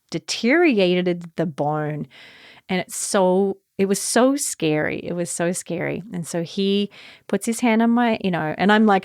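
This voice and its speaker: Candid woman podcast host, lowish voice. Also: no echo, studio quality. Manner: candid and emotional, often laughing. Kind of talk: personal storytelling monologue.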